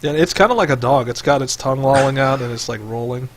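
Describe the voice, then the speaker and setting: A man narrating as game master over online voice chat, talking casually and halting with fillers. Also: mid-range voice, a little hiss or hum.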